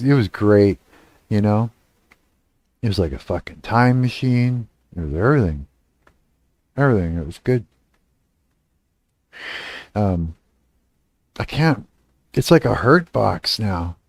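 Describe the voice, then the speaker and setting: Slow-talking man rambling on a livestream. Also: on the low side, lively intonation, no echo. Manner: rambling, swearing, laughs often, trails off. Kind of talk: casual rambling livestream chat.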